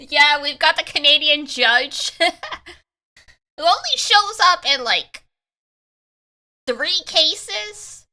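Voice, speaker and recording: A woman's voice: sits high, expressive, drawn-out words, pauses often, bright, forceful tone. A young adult woman streamer giving chatty, joking commentary while playing a game, laughing often. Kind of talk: let's-play commentary.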